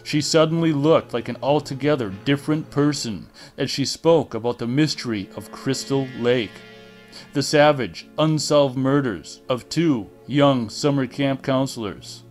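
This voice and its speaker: A man reading a horror novel aloud in a deliberate, dramatic narration style. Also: mid-range voice, faint music behind. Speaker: audiobook reader.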